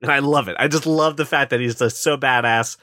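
A man co-hosting a casual movie podcast, rambling and animated, putting on voices to mock scenes. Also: medium pitch, a little fast, no echo, studio quality. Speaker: podcast co-host. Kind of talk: casual movie review chat.

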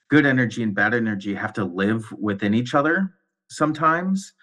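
Bright-toned man, sincere and appreciative. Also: fairly low pitch. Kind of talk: casual conversation.

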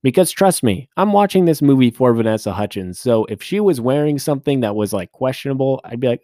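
A man's voice: mid-range voice, animated, brisk, few pauses, mellow, no echo, clean studio sound. A man hosting a podcast, recapping a movie in a casual, joking way with rambling asides. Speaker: podcast host.

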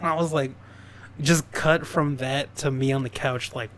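A man's voice: mid-range voice, steady tone, measured pace, fairly bright tone, slight background noise. Man tossing in crude jokes. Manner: joking, crude interjections. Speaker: podcast co-host. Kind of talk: casual chat.

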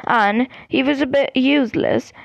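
A woman's voice: sits high, a little slow, gravelly, no room sound, exaggerated voice. A woman voicing a loyal, blunt teenage schoolboy who speaks fiercely in a storybook reading.

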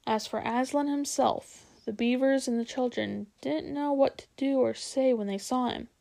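A woman reads a storybook aloud at an unhurried pace. Her voice is somewhat high with a gravelly, creaky edge. She stumbles now and then and restarts a phrase. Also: dark tone. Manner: unhurried, with small slips and restarts.

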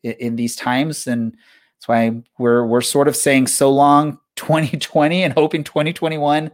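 A man's voice: mid-range voice, little pitch movement, unhurried. A man hosting a soccer podcast in casual chat, rambling with many fillers and restarts. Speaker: podcast host.

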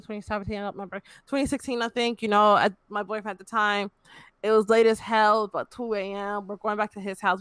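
A woman's voice: mid-range voice, a bit bright, no room sound. A young woman in her twenties frankly telling a personal story in casual chat, swearing and filling with "you know".

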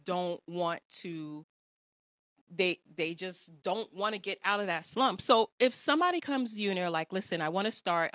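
A woman's voice: mid-range voice, fairly bright tone, dry recording. A woman hosts a casual interview with an easy, teasing way of asking questions. Her voice sits in a middle range, and the recording is dry with little room sound. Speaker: podcast host.

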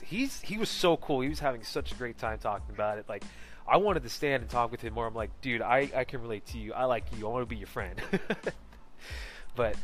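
Speaking into a close personal mic, a man rambles through a casual story about a costumed event, full of fillers and restarts and frequent laughter. His voice is medium-pitched and a bit bright.

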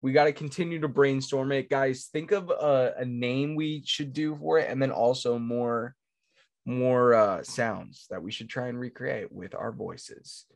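A man hosting a podcast in relaxed, slangy banter with his co-host. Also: medium pitch, a little slow, creaky, dry recording. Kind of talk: casual chat.

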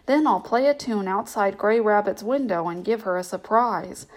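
A woman voicing a slow, cheerful old male mole in a bedtime storybook, musing aloud and humming. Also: medium pitch, natural voice.

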